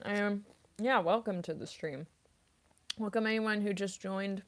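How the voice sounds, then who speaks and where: A young woman voice actress chats with her livestream viewers in an unhurried, easygoing way, pausing often on ums and likes. She reads chat messages aloud between bites of chips. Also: medium pitch. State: eating chips while talking.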